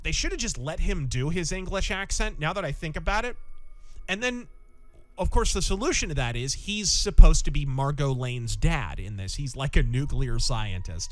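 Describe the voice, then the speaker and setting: A man's voice: on the high side, a bit bright. A male podcast host giving an enthusiastic, opinionated film review with rambling asides.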